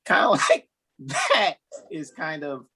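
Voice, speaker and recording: Animated, laughing man hosting a video call. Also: high-pitched, slow pace, creaky, slightly rough. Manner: loose, joking, laughs often, rambling asides. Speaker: host. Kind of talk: casual group video-call chat.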